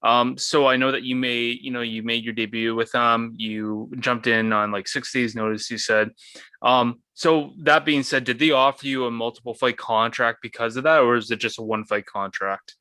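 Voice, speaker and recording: Brief: male podcast host, bright tense voice, hesitant questions, dead dry sound. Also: medium pitch, steady tone, normal speed, smooth, no room sound. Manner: hesitant, filler-heavy questions. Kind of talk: interview questions.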